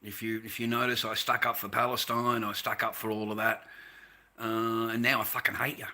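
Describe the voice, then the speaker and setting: A man's voice: lowish voice, flat delivery, brisk, pushed and bright. An Australian man delivering a heated, profane ranting monologue, repeating himself and tossing in "mate" between sentences.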